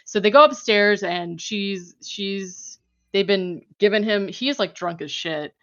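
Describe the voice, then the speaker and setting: A woman hosting a podcast, chatting her way through a film's plot in a relaxed, rambling way full of fillers and quick laughs. Her voice sits at an ordinary pitch. The audio is slightly dull and muffled. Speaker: podcast host. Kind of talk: casual movie recap chat.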